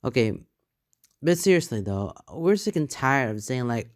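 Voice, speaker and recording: A man with a smooth, resonant voice reads online posts aloud in an earnest tone, then breaks into loose, rambling reactions. His voice sits at a middle pitch, and the sound is close and dry. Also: unhurried, no room sound. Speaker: channel host reading and reacting to online posts. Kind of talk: reading posts aloud with casual commentary.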